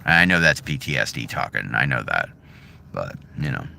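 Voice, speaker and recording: Deep voiced middle aged american guy talking from his driveway, bright edgy tone, swears a lot, blunt. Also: big pitch swings, moderate pace, gravelly, a little hiss or hum. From United States. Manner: blunt, profane, swings between heated and subdued. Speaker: vlogger. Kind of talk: casual livestream chat.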